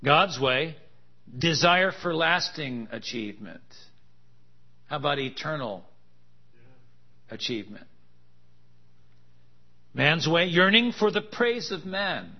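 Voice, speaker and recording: A man's voice: fairly high pitch, sing-song, slow, long pauses. A man preaching a sermon, with joking, laughing asides and emphatic contrasts that build in intensity. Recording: dull lo-fi sound.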